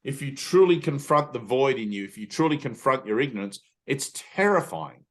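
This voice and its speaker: Emphatic middle-aged male spiritual teacher, casual and blunt, mid-pitched voice. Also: expressive, a little fast. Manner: earnest, emphatic, swears casually; frequent "right?" tag questions. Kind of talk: satsang teaching talk.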